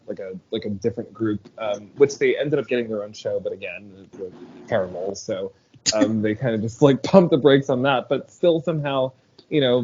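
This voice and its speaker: A man's voice: lowish voice, warm tone. A man co-hosting a podcast in casual chat, talking animatedly, swearing often and acting out movie scenes with laughter. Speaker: podcast co-host. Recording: slightly dull audio with faint noise.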